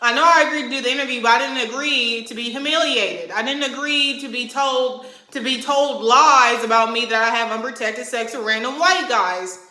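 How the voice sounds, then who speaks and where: With a sharp, somewhat high voice, a young woman vlogger delivers an angry rant to camera at normal speed and with few pauses. She's heated and profane, emphatically hammering her points, and her voice echoes around the room.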